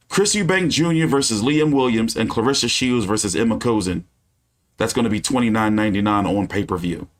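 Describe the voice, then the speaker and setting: A man's voice: on the low side, a little fast. A man hosting a casual boxing news live stream, with a loose, profane, ranting delivery full of fillers.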